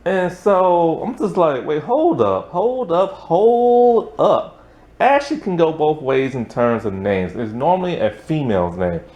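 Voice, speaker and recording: A man's voice: fairly high pitch, lively intonation, moderate pace, few pauses, a little mellow. A man casually recapping a film's plot as a reviewer, rambling with lots of "like" and "um" and frequent chuckles. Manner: rambling, full of "like" and "um", chuckles often. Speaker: film reviewer.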